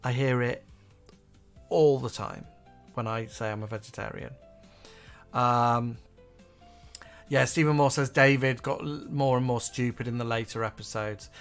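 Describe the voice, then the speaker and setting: A man co-hosting a relaxed live stream, chatting about old favourite shows. He reads viewers' comments aloud, with plenty of ums along the way. Faint music plays behind him. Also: medium pitch, measured pace, long pauses. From England. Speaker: co-host. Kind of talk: casual chat reading viewer comments.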